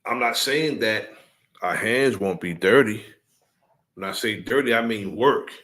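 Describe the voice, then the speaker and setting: A man addressing his followers in a deliberate, preaching cadence, repeating his key points. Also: fairly low pitch, a bit bright.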